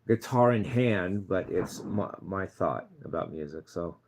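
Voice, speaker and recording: A man's voice: sits low, expressive, a little slow, darkish tone, a little hiss or hum. A man talking straight to his viewers in a casual vlog, rambling with many restarts and repeated words as he earnestly gives advice. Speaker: channel host.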